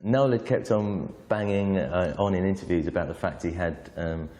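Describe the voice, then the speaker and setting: Deep, dark-voiced man in a reverberant room. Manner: measured, hesitant with fillers. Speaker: interviewee. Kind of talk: reflective commentary.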